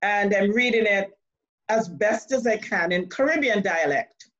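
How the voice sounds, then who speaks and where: A woman poet reading her verse slowly and rhythmically in a Caribbean dialect, over a laptop on a video call. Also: mid-range voice, animated, fairly bright tone. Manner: slow, rhythmic recitation. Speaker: poet guest. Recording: muffled video call audio.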